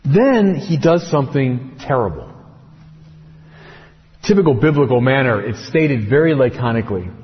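A man preaching a sermon, telling the story with dramatic pauses and slow, heavy emphasis. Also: mid-range voice, lively intonation. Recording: muffled with long hall reverb.

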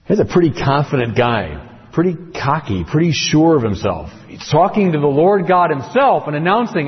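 A man preaching a sermon, telling the story with dramatic pauses and slow, heavy emphasis. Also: on the high side, big pitch swings. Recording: muffled with long hall reverb.

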